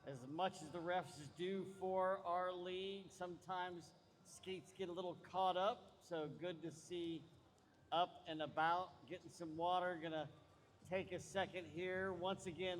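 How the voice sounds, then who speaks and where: A man's voice: high voice, fairly even intonation, measured pace. A man announcing a roller derby bout live, easygoing and joking with his co-hosts. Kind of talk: live play-by-play commentary. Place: large arena. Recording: reverberant arena PA sound.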